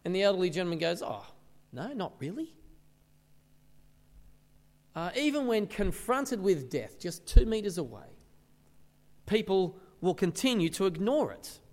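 A man delivers a sermon with a fairly high voice that rises and falls freely. He keeps it conversational and throws rhetorical questions at his listeners. The sound is captured in a church hall with a long, lingering reverb. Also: big pitch swings, moderate pace, darkish tone. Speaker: pastor. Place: church service.

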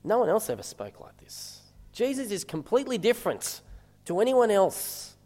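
A male minister delivers a sermon in a relaxed, conversational way, often asking the congregation rhetorical questions. His voice sits a little high for a man. The sound carries the long reverb of a large church hall. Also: moderate pace.

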